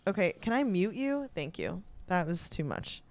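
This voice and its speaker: A young woman comedian does a quiz on camera in a casual solo chat, reacting as she goes and often swearing and laughing. Her voice is on the low side, very animated, at normal speed.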